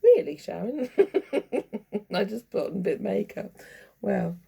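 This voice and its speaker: A woman vlogger in a rambling casual monologue, chuckling often and bickering with herself, with a gravelly voice. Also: mid-range voice, sing-song, slow pace, dark tone.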